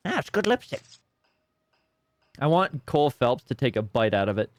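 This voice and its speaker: A man's voice: medium pitch, very animated, normal speed, dry recording, clean studio sound. A man streaming a detective game, rambling and sarcastic in casual commentary at a desk microphone.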